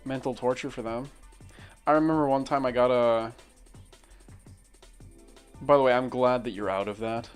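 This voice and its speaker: A man's voice: mid-range voice, fairly even intonation, moderate pace, pauses often, clean tone, faint music behind. A young man chatting casually while he draws, telling a crude story in a rambling way, full of restarts and laughing asides. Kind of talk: casual chat while drawing.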